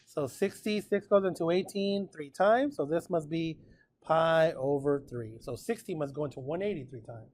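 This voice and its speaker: Guy teaching math class, kinda high voice, laid back, keeps asking "cool or not cool". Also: normal speed. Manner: relaxed and chatty, checks in with students often. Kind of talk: classroom lecture recorded with notes.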